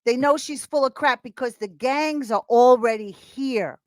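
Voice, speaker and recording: Woman, podcast guest, high voice, animated, rambling, laughs a lot, dry close sound. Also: a little slow, no echo. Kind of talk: casual chat.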